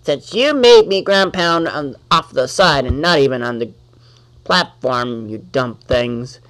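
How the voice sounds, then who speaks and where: A man giving let's-play commentary on his gameplay, talking to the enemies on screen and quickly getting annoyed. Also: medium pitch, expressive, fairly bright tone. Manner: talks to the enemies on screen, easily annoyed, exclaims.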